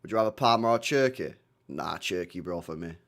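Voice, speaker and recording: A man's voice: low voice, expressive, a little fast, gravelly. A man running a live football reaction stream, blunt and slangy, swearing freely as he reacts to the play.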